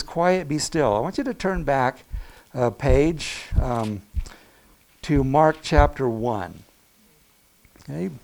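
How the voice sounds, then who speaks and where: A man preaching a sermon to his congregation, talking to them directly with asides and quick laughs, and swinging between loud calls and near-hushed moments. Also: mid-range voice. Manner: animated preaching with big swings in loudness, dropping to a hush. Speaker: pastor.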